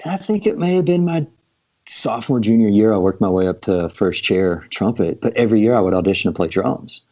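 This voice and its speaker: A man's voice: on the low side, lively intonation, a little fast, mellow. A man of about forty, a guest drummer, telling stories in a casual podcast chat, laid-back with lots of ums. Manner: laid-back storytelling with many fillers. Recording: dull lo-fi sound.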